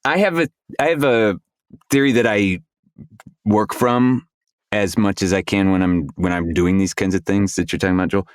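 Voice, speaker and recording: A man who is an audiobook narrator, a guest on a roundtable podcast, telling animated, winding stories. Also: low-pitched, moderate pace, no echo, clean studio sound. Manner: animated storyteller, talks in long winding stretches. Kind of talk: casual roundtable discussion.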